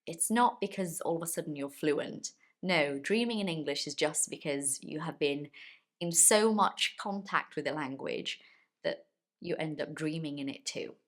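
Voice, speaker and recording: A woman English teacher, a native Portuguese speaker, giving a friendly, encouraging video lesson and slowly stretching key words for emphasis. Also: deep voice, animated.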